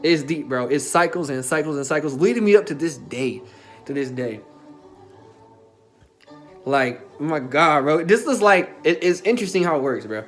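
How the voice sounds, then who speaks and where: A young man who works as a self-development coach tells a personal story, his somewhat high voice expressive and at a normal pace over faint background music. He's casual and emphatic, dropping filler tags and swear words often.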